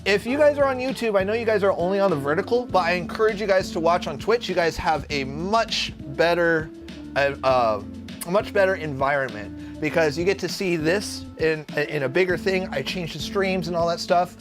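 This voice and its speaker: A man's voice: sits high, expressive, normal speed. Brash, profane young man streaming a cooking session. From Arizona. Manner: brash, profane, jumps between topics. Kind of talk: casual live-stream cooking chat. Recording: music playing under the voice. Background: guitar music.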